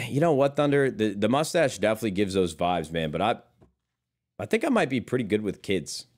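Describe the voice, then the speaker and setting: A man's voice: medium pitch, big pitch swings, a little fast. A young man streaming live, chatting casually with viewers in a rambling way, swearing freely and calling them brother.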